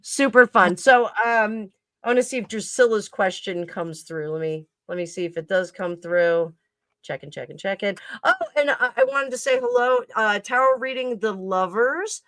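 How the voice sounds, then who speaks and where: A woman's voice: mid-range voice, lively intonation, moderate pace, fairly bright tone, no echo. A woman hosting a casual live-stream chat as a tarot reader, rambling with many fillers and restarts. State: coughing at times.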